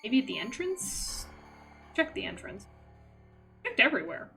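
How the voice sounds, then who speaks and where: A woman's voice: on the high side, very animated, measured pace, vocal fry, bright, forceful tone, faint music behind, low-quality recording. A woman streamer giving playful, self-mocking commentary while playing a game live.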